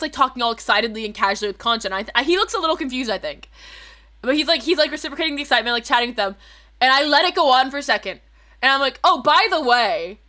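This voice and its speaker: A woman streamer with a highish, sharp voice chats casually with her viewers, telling a rambling story, swearing freely and correcting herself along the way.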